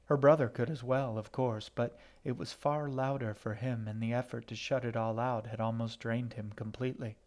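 A man narrates a fantasy story in a steady, measured reading voice. His pitch sits in the middle range, neither high nor low. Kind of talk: audiobook narration.

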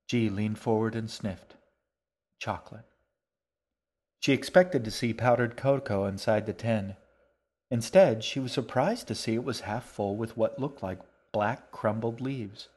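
A man with a fairly low voice reads a children's storybook aloud in a calm, even way. His narration is steady and unhurried, the tone of someone reading a chapter at bedtime.

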